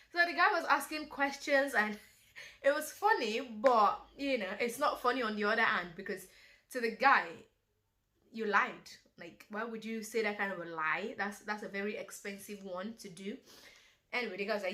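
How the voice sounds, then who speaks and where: A young woman vlogger casually retelling a movie plot, animated, acting out the characters' lines and peppering her talk with "you know". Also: mid-range voice, normal speed. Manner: animated retelling with acted-out quotes, many "you know" fillers. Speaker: beauty and lifestyle vlogger. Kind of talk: casual storytelling commentary.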